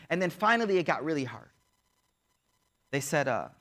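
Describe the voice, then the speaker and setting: A man teaching as he tells a story in a lecture, animated and speaking straight to his audience, acting out the voices. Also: fairly high pitch, fairly quick. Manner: animated, addresses audience directly, acts out voices. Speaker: Islamic teacher.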